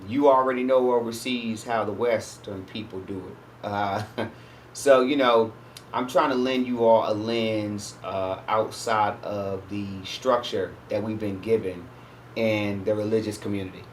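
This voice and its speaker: A man's voice: on the low side, fairly even intonation, measured pace, slight background noise. Man giving a casual scripture talk. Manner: conversational, often checks in with listeners. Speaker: host. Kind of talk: casual religious teaching monologue.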